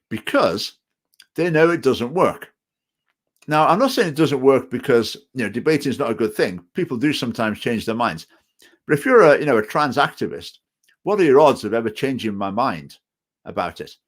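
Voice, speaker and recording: Man, Stoke-on-Trent accent, casual live-stream chat, reads viewer comments, hesitant, repeats words, mid-pitched. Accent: Stoke-on-Trent English with some Scottish phrases. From England. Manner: hesitant, repeats words, digressive opinionated talk. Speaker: party chairman answering viewer comments.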